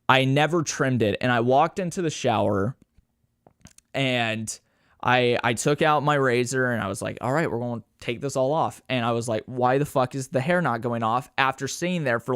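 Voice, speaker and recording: With a clean, medium-pitched voice, a young podcast host rambles through a casual solo episode, cursing and poking fun at himself. He gets animated and mimics others by raising his voice, and the studio-quality recording is dry.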